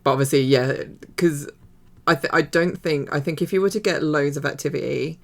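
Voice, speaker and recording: A woman's voice: low-pitched, fairly quick, gravelly. A woman hosting a reaction video, chatting casually and rambling with many fillers and restarts. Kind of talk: casual commentary.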